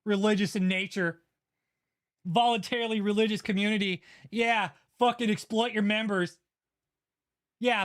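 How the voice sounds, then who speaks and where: A man's voice: very high voice, a bit bright. A man hosting a livestream, reacting to court papers in an angry, profane rant. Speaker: channel host.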